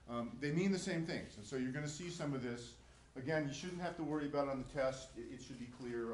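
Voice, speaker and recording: Man, professor, casual classroom lecture, lots of fillers, echoey room, faint background hum. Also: mid-range voice. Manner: casual, many fillers and restarts. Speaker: psychology professor.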